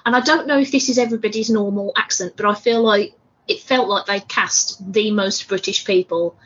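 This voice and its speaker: A woman's voice: mid-range voice, normal speed, fairly bright tone, husky, muffled recording. A woman co-hosting a podcast, chatting casually about a film and filling her talk with "like". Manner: chatty, lots of "like". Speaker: podcast co-host.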